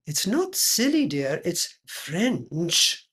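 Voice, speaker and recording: A pompous, affected aristocratic hostess, played by a woman, drawling slowly and dropping French phrases. Her pitch swoops up and down grandly as she holds court. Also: big pitch swings, fairly bright tone, husky, heavily acted. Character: pompous aristocratic lady chat show hostess. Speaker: host.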